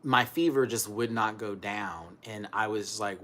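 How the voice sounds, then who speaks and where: Animated, swearing man ranting on camera. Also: on the low side, unhurried, hardly any pauses, a little hiss or hum. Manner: animated, profane storytelling with big swings between loud outbursts and hushed mutters. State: recovering from illness. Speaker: vlogger. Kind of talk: casual ranting vlog.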